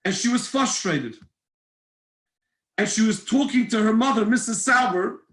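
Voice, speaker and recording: A man, a rabbi, telling a faith story in an animated, emotional way and acting out its characters. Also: sits high, a little slow. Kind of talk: storytelling lesson. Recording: echoey room.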